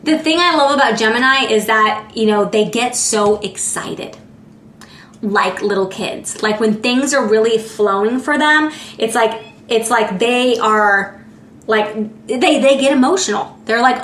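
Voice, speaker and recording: A woman's voice: a little high, measured pace, a bit bright. A woman giving a casual tarot reading in a chatty way, often filling with "like" and searching for words. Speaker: tarot reader. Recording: roomy echo.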